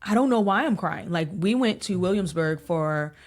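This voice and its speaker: A woman in her thirties, a podcast guest telling family stories in a casual, animated way and laughing often. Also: lowish voice, normal speed, slight background noise. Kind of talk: casual interview chat.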